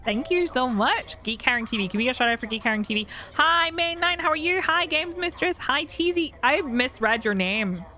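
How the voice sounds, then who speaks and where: A woman's voice: sits high, expressive, a little fast, hardly any pauses, pushed and bright, soft background music. A young woman streamer chatting casually with her live chat, laughing often and greeting viewers by name.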